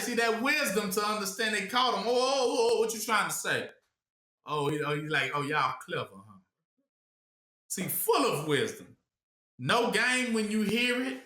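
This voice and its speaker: Male preacher, high bright voice, call-and-response, casual delivery, roomy echo. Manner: rhetorical questions, congregation fills the blank; casual, colloquial speech. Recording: echoey room.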